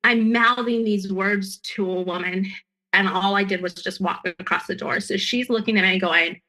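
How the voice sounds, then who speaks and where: Bright, earnest woman telling her story. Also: mid-range voice, steady tone, moderate pace, low-quality recording. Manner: earnest and emphatic, with frequent restarts. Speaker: guest sharing her story. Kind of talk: personal storytelling.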